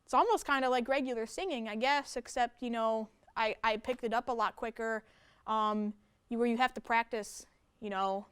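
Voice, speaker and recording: Young woman, smooth dry voice, rambling. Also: a little high, a bit bright, no echo. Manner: rambling, full of "like" and "you know". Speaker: death metal guitarist and vocalist. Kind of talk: casual interview chat. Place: campus radio studio.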